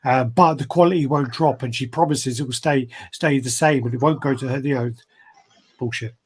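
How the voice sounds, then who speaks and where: Man, husky, blunt, swears, casual collectibles chat. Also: mid-range voice, brisk. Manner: blunt, swears freely, laughs often. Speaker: collectibles show co-host.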